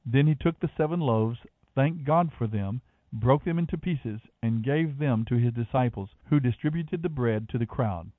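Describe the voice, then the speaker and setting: Scripture reader, male, measured and expressive, narrow phone-like sound. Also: mid-range voice, dry recording. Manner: measured, expressive reading of dialogue. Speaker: Bible reader. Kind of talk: scripted Bible reading.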